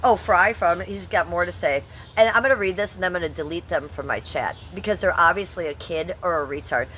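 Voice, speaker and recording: Slightly fast and fairly low-pitched, a woman in her fifties reads her live-stream chat out loud and fires back bluntly, swearing at anyone heckling her. Her tone is fairly bright, and there's slight background noise.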